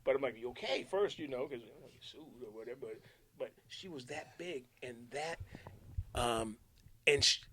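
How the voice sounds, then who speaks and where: A man's voice: mid-range voice, moderate pace. A middle-aged man, a radio DJ, casually telling old station stories, acting out the quotes and sinking to a near-whisper at times. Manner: animated storyteller, acts out quotes, drops to near-whisper. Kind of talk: casual storytelling chat.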